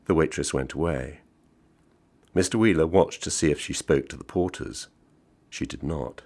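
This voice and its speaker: Very deep, gravelly man reading a story. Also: normal speed, long pauses, darkish tone. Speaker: reader. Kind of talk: literary short story reading.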